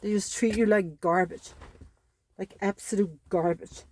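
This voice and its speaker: A woman's voice: medium pitch, steady tone, measured pace, darkish tone, slight background noise. A woman speaking a personal monologue to camera as a parent, upset and pleading, repeating herself.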